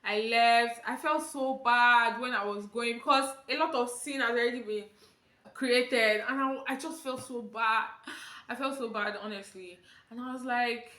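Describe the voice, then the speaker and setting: A young woman with a Nigerian accent recounts a story on her vlog, with lively acted-out quotes. Her voice sits high and bright. It rings off the walls of a roomy, echoey space. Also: a little slow. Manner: animated storytelling, acting out quotes in Pidgin and Yoruba. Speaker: vlogger.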